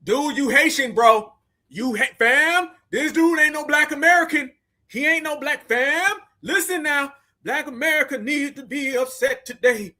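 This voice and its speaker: A man's voice: very high-pitched, unhurried, sharp tone. A man reacting to news clips in heated, slang-heavy commentary, mocking and scolding as he talks.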